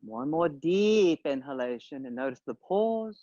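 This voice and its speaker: A man guiding a yoga class, giving calm, unhurried cues with pauses between them. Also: fairly high pitch, no room sound. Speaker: yoga teacher. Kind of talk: guided yoga instruction. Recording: dull, dry lo-fi sound.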